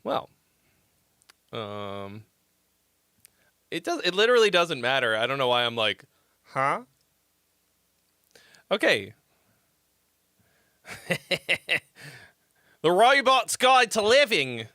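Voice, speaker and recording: A man with a bright, forceful voice chats on a livestream, swinging his pitch all over as he rambles and jokes with plenty of swearing. The sound is dry and close. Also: smooth, no room sound. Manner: rambling, profane, joking. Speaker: host giving song feedback. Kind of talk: casual livestream chat.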